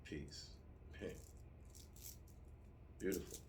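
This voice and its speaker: A middle-aged man talking casually, telling lively stories with profanity and acting out yelling soldiers. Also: drawn-out words, slight background noise. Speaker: vlogger answering subscriber comments. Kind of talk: casual chat.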